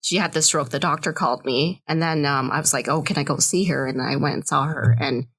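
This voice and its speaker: A fairly low-pitched woman, a podcast guest, talks through a family story in a loose, meandering way. She leans on fillers and restarts, backing up and circling round as she goes. She sounds like she is in her thirties. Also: brisk, breathy edge. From Vietnam. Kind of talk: casual interview chat.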